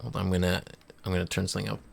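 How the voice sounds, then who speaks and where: A man's voice: low voice, flat delivery, rapid-fire, gravelly, slight background noise. A man hosting a casual let's-play stream, upbeat and explaining the controls. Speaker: streamer host.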